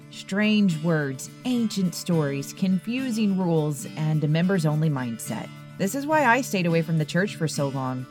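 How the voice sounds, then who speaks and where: A woman hosting a faith podcast, telling stories in a lively, animated way and acting out what others said. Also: on the low side. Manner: animated storyteller, acts out quoted voices. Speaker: podcast host. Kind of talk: casual conversation.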